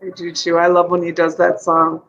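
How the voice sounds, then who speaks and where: A woman's voice: on the low side, monotone, fairly quick, a bit bright, dull audio. A woman hosting a casual live stream, emotional and tearful, rambling and reading out viewer comments.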